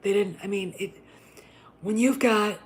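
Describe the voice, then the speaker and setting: A woman's voice: medium pitch, unhurried. Profane ranting woman host. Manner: profane, emphatic, repeats itself; drops to an unvoiced whisper and back. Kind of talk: ranting casual commentary.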